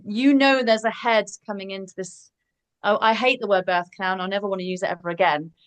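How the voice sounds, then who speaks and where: A woman's voice: mid-range voice, brisk, clear, resonant tone. A woman midwife joins a casual group discussion. She talks with enthusiasm and leans on her points.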